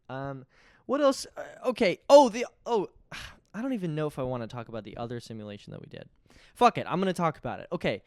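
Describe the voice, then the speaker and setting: A man in his twenties tells stories in a loose, rambling way, stumbling over restarts and then jumping up in pitch with animated emphasis. His voice sits a little high for a man and sounds smooth and clear. The recording is dry and close. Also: no echo. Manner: rambling, self-interrupting, animated storytelling. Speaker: podcast host. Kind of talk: casual comedic monologue.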